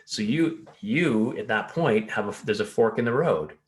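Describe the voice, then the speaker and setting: A man with a lowish voice talks through his health advice in an interview. He is earnest and explanatory, and he sometimes slips into the voices of the patients he describes. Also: lively intonation, a little slow. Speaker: pharmacist and health coach. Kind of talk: interview conversation.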